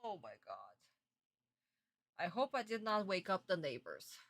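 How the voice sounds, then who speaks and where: A woman's voice: on the low side, very animated, a little slow, a bit bright, no room sound. A woman streamer reacting live to a cartoon, exasperated and dramatic, swearing often and repeating phrases in bursts.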